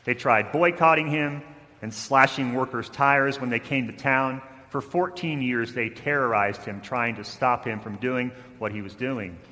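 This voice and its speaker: A man preaching a sermon, telling a story with rising intensity, then softening toward a quiet close. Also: mid-range voice, steady tone, unhurried, hardly any pauses, long reverb tail. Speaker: pastor.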